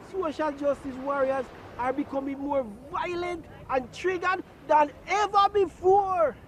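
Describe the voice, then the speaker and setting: A man's voice: very high-pitched, slow pace, a faint crowd. A man giving a casual, smug outro as a channel host.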